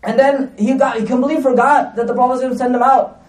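High, fast-talking male preacher, echoey room. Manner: animated, repeats phrases for emphasis. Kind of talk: sermon with lively storytelling. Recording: echoey room, distant mic.

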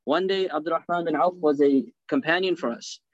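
A man teaching a hadith class, animated, asking his listeners rhetorical questions and mixing Arabic phrases into his English. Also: a little high, brisk, dry recording, highs cut off. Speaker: religious teacher.

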